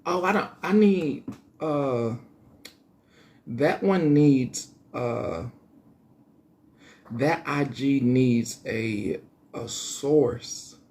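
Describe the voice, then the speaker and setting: A man with a darkish, mid-range voice hosts his own casual news commentary, speaking extremely slowly with long pauses. He rambles, thinks aloud, and corrects himself as he goes, with a slight twang.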